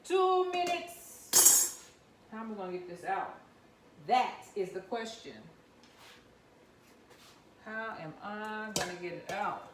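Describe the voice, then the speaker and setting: A woman chatting her way through a home cooking vlog, rambling and laughing, with loud whoops now and then. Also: medium pitch, measured pace, long pauses, reverberant, very noisy. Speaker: home cook and vlogger. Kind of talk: casual cooking vlog chat. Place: home kitchen.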